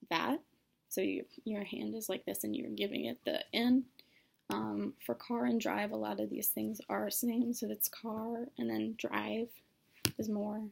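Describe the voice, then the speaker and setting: In a casual lesson on her own, a young student walks through sign language signs in a gravelly, mid-range voice. She fills her speech with fillers and frequently corrects herself.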